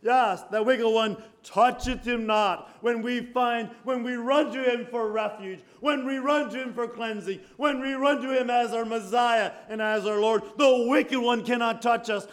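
A man preaching a fervent sermon, reading scripture and swinging from quiet murmurs to shouted praise. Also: very high voice, fairly even intonation, a little slow, hardly any pauses. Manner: reads scripture in King James wording.

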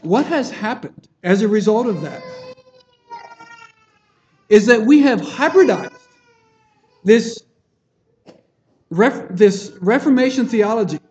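A man's voice: high-pitched, lively intonation, slow pace, long pauses, darkish tone, slight background noise. A man preaching a sermon in an earnest, plain-spoken way, often restarting phrases and checking in with his listeners. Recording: dull lo-fi sermon recording.

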